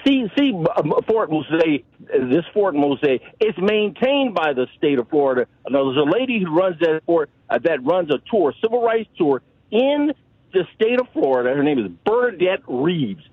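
A man's voice: a little high, sing-song, moderate pace, breathy edge, no room sound. Impassioned male caller on a tinny phone line. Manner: impassioned, rambling, stumbles and repeats words. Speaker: radio caller. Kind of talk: call-in radio talk.

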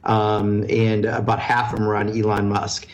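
A man's voice: fairly low pitch, monotone, normal speed, low-quality recording. A man, a congressman, answering callers on a radio show in a blunt, earnest way with many fillers. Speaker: congressman guest.

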